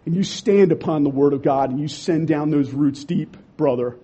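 A young man preaching a sermon, impassioned, swinging from loud urging to quiet emphasis. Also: a little high, moderate pace, husky.

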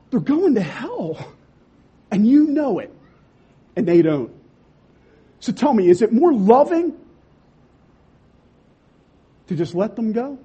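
Young male preacher, husky and fairly high, impassioned sermon delivery with loud and hushed swings. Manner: impassioned, swings from loud urging to quiet emphasis.

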